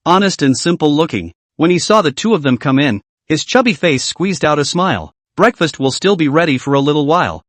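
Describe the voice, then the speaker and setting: A man's voice: on the high side, dry recording. A man narrating a story in a scripted reading, voicing all the figures himself.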